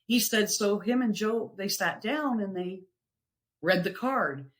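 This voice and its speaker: A middle-aged woman, a podcast guest, sharing personal stories in an earnest, reflective way, with pauses and restarts. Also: medium pitch.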